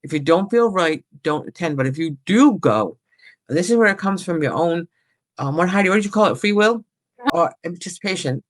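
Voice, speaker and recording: A woman's voice: lowish voice, lively intonation, a little fast. A woman working as a psychic medium, talking casually and rambling as she relays messages from spirits. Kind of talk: casual paranormal chat.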